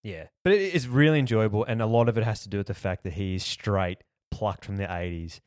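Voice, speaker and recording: An Australian man on a podcast, rambling casually with plenty of "like" and "you know". His voice sits fairly low and the sound is dry and close. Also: fairly quick, a little mellow, dry recording. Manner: rambling, lots of likes and you-knows. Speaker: podcast host. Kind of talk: casual chat.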